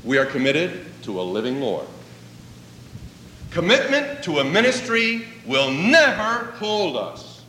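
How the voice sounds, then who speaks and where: A man's voice: on the high side, huge pitch swings, takes it slowly, sharp tone, a little hiss or hum. A man preaching a sermon, telling a story and acting out its dialogue. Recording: echoey hall, voice from a distance.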